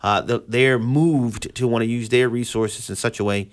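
A man's voice: mid-range voice, fairly even intonation, moderate pace, no room sound, clean studio sound. Male radio host, casual rambling delivery with frequent restarts. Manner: joking, rambling, repeats words.

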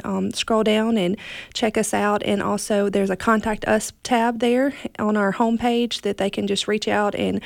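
A woman's voice: medium pitch, gravelly, a little mellow, no echo, clean studio sound. A woman with a Southern accent, a foundation staffer speaking as a radio guest in a friendly way with many hesitations. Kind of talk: casual radio interview.

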